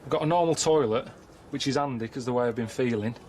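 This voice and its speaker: A man in his thirties giving casual, deadpan travel-show commentary, grumbling and complaining as he goes. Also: mid-range voice, fast talker, slight background noise. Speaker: travelling presenter.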